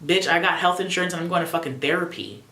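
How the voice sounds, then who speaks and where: A young adult woman vlogging casually at home, expressive, profane and sassy. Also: lowish voice, fast talker, roomy sound, slight background noise. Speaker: YouTuber. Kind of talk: casual reflective vlog.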